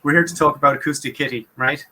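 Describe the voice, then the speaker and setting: Male podcast co-host, bright and slightly high, playful teasing delivery. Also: steady tone, fast talker. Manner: playful, teasing, laughs between phrases. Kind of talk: casual comedic podcast chat.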